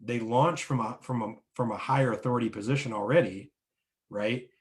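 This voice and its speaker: A man's voice: medium pitch, brisk. A man teaching business owners about sales team roles, explaining in numbered steps and often checking in with "right?". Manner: coaching, often ends points with "right?". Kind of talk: instructional talk to business owners.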